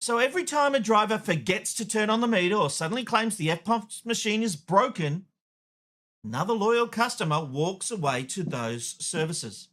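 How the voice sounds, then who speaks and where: A man's voice: high voice, animated, normal speed, a bit bright. A middle-aged Australian man hosting a TV show, delivering a blunt opinion rant and telling a story with acted-out dialogue. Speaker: TV host.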